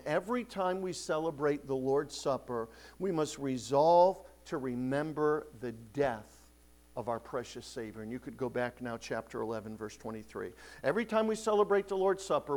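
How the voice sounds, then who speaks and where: A man preaching an expository sermon, emphatic, slowing down to read scripture and rising in force on key points. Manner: emphatic, swells louder on key points then drops low; slows and stretches scripture quotes. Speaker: pastor.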